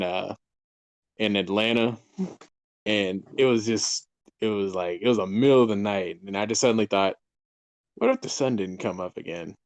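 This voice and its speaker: A man's voice: fairly low pitch, darkish tone, smooth, no echo, dull audio. Rambling young man, dry close sound. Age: 20s. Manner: rambling, laughs often, trails off mid-sentence. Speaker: guest author. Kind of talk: casual interview chat.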